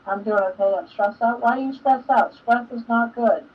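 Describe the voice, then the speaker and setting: A woman's voice: on the high side, moderate pace, husky. An older woman hosting a live stream, chatting casually and emotionally and laughing often. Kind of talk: casual chat. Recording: dull lo-fi sound, distant from mic.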